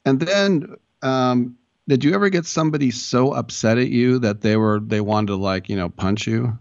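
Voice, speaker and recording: A man's voice: medium pitch, normal speed, vocal fry, no room sound, muffled recording. A man hosting a sports radio show, talking in a loose, chatty way with jokey asides. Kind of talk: casual talk radio interview.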